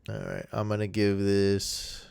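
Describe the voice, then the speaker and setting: A man hosting a fantasy football livestream, hoarse from losing his voice, chatting and rambling to his viewers in a casual way. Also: on the low side, monotone, a little slow, a little mellow. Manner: rambling, self-deprecating, talks to viewers. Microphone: desk mic, at times held close.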